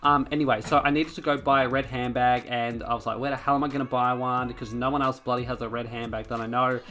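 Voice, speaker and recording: A man's voice: medium pitch, steady tone, fast, fairly bright tone, faint music behind. An Australian man co-hosting a podcast, telling rambling stories in casual chat and swearing freely. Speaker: podcast co-host.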